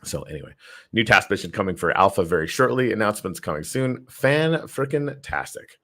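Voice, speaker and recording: A man's voice: deep voice, animated, quick pace, sharp tone. A man hosting a casual livestream, rambling with lots of fillers and restarts, reading viewer comments aloud and answering them. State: tired. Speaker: show host.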